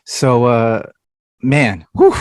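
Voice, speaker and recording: Halting, emotional male interview host. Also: mid-range voice, huge pitch swings, dry recording, studio quality. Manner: emotional, halting, with frequent fillers. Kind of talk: conversational interview.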